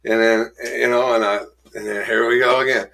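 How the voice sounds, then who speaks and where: A middle-aged man speaking candidly about his past, his delivery plain and rough-edged. He slips into louder, higher voices when he acts out old confrontations. His pitch sits in a normal middle range. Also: little pitch movement, fairly quick. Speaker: guest telling his recovery story. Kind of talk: candid storytelling in an interview.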